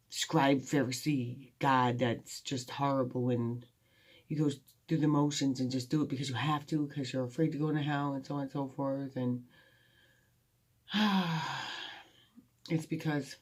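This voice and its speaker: A woman's voice: rumbling low, darkish tone, slightly rough. A woman musing candidly about faith and her past in a rambling, heartfelt late-night talk to a phone held close to her face. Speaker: vlogger. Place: at home at night.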